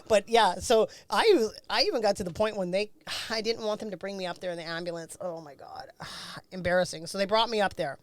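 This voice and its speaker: A woman's voice: mid-range voice, a little fast, hardly any pauses, no room sound. A middle-aged woman, a former race car driver, bluntly recounting a crash in a candid interview, swearing freely.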